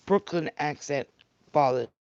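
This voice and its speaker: A man's voice: fairly high pitch, normal speed, smooth, no room sound, dull audio. A man with a thick Staten Island New York accent, rambling casually to his viewers on a livestream and answering their comments. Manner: rambling, chatty, talks straight to viewers. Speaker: vlogger reading live comments.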